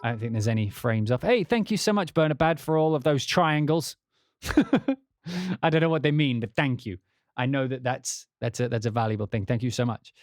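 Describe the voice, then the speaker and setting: A man's voice: medium pitch, a little fast, no echo. An English man, a composer, chatting casually on a livestream in a rambling, profane way, often restarting his sentences.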